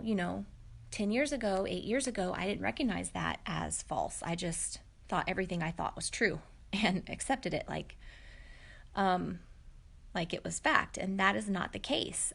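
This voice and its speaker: A woman's voice: mid-range voice, vocal fry, fairly bright tone. A woman, telling a personal story to camera in a candid, reflective, chatty way with many fillers. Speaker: vlogger.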